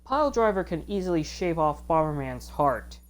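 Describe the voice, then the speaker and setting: A woman giving casual game commentary as a video host, chatty and excitable, with rambling asides. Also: sits low, moderate pace.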